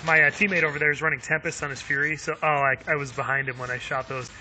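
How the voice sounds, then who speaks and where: A man's voice: a little high, level tone, quick pace, pushed and bright, a little hiss or hum. A man streaming a video game live, chatting upbeat with viewers, laughing often and using lots of fillers. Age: adult with young kids. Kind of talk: live gameplay commentary.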